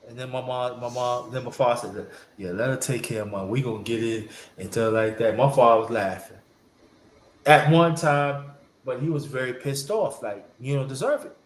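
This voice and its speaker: A man's voice: medium pitch, moderate pace. A man casually telling a rambling family story as a host, repeating himself and acting out his relatives' lines. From New York. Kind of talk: casual storytelling to a live audience. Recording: echoey room with faint background hiss.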